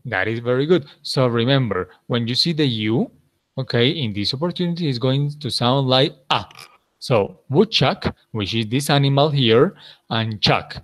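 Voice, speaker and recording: Guy teaching english, cheering students on, modeling words slow and clear, mid-pitched voice. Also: dry recording. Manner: encouraging, praises often, models words slowly. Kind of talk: classroom pronunciation drill.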